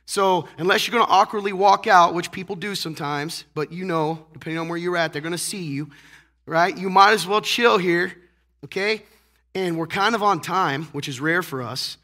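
A hoarse, congested man preaching a casual sermon to a church congregation, teasing the crowd and asking rhetorical questions. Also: sits high, moderate pace, sharp tone. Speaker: pastor. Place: church sanctuary.

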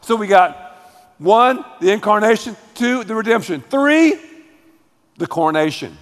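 A pastor preaching a sermon, emphatic and dramatic, calling on the congregation to repeat after him. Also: male voice, sits high, moderate pace. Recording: long hall reverb.

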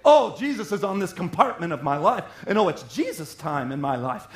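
A man preaching a sermon in an animated way, slipping into little acted-out voices of everyday people. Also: high voice, a little fast, few pauses. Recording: roomy echo.

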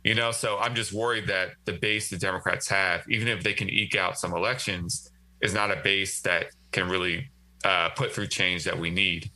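A man's voice: sits low, steady tone, moderate pace, bright, forceful tone, rough recording. A man speaking as a guest writer in a casual political discussion, talkative and thinking aloud with frequent restarts.

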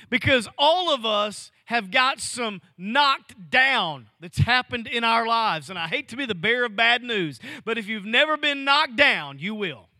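High-voiced pastor preaching with dramatic swings. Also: male voice, bright, forceful tone, dry recording. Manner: preaching with sweeping swings of pitch and volume, dropping to near-whispers. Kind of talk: sermon. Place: church.

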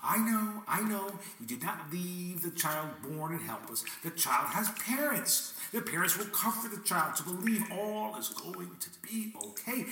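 A man with a high, bright voice that swings widely, performing a theatrical monologue aimed at God. He shifts between wry questions and blunt curses. The sound is roomy and distant, with faint noise underneath. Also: very animated, moderate pace. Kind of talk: dramatic spoken monologue addressed to God. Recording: echoey room, mic at a distance, faint noise.

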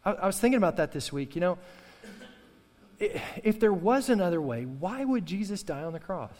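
A man's voice: high voice, sing-song, brisk, darkish tone, in a large hall. A male pastor preaching a sermon with fervor, repeating key phrases and calling on the congregation to respond. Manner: impassioned preaching with repetition and call-and-response.

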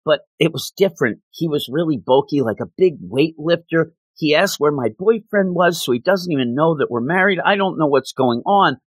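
A man voicing a frightened young woman who pleads in a rushed, breathless way while retelling a comic book story. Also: fairly high pitch, fairly bright tone, no room sound. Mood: panicked.

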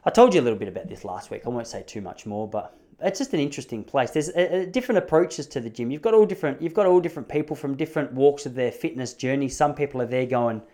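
An Australian man in his thirties rattles through personal stories at a brisk clip. His voice sits at an ordinary middle pitch. He rambles chattily, restarts his sentences and laughs between the stories. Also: lively intonation, mellow. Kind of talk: casual storytelling monologue.

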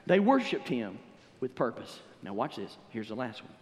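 A male pastor preaching a sermon in a church, telling stories in an animated way and breaking into exuberant shouts. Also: mid-range voice, moderate pace. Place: church sanctuary. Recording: long church hall reverb.

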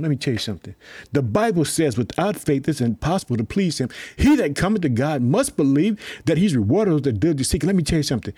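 Hyped husky preacher man. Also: on the high side. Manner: hyped, repeats "let me tell you something" and "guess what", calls listeners family. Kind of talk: energetic devotional preaching.

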